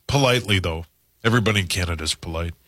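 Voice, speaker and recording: A man co-hosting a casual talk show, bantering quickly with the others. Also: deep voice, fairly bright tone, dry recording, clean studio sound. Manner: quick banter, frequent agreement. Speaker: co-host. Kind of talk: casual chat.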